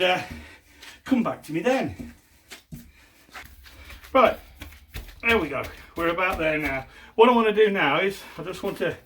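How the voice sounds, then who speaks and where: A man's voice: high-pitched, a bit bright. Chatty man teaching home cooking. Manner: chatty, jokey, step-by-step instructions. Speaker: home cook presenter. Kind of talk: casual cooking demonstration. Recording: distant mic with faint background noise.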